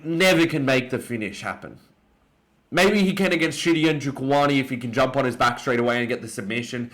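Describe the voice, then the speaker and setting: A young Australian man giving an opinionated, excitable casual breakdown of fights, often jumping up in pitch for emphasis. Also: fairly quick. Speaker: MMA commentator.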